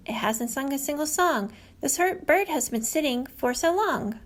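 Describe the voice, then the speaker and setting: A woman's voice: sits high, normal speed, few pauses. A woman reading a picture book aloud for a library story time, imitating bird calls as she goes.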